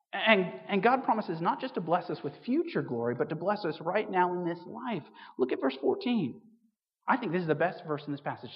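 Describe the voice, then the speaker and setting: A preacher giving a conversational sermon to a congregation, asking rhetorical questions and adding wry asides. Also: medium pitch. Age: 30s or older. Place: church hall. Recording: dull recording with long hall reverb.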